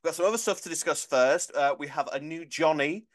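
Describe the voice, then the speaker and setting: A man hosting a casual podcast, chatty and excitable, often correcting himself mid-sentence. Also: fairly high pitch, brisk. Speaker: podcast host.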